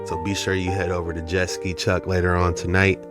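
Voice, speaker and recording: A man's voice: low-pitched, level tone, fairly quick, over music. A man hosting a casual commentary on viral clips, talking in a laid-back, slangy, rambling way. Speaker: host.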